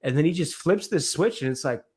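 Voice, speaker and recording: A man's voice: fairly high pitch, animated, brisk, darkish tone, husky. A man co-hosting a casual film review chat, talking loosely, laughing often and restarting his sentences. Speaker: podcast co-host.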